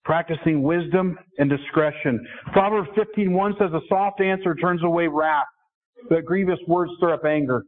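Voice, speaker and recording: A man's voice: fairly high pitch, normal speed. A middle-aged man preaching a sermon earnestly, asking his listeners questions. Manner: earnest, asks the congregation questions. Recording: tinny phone-like sound.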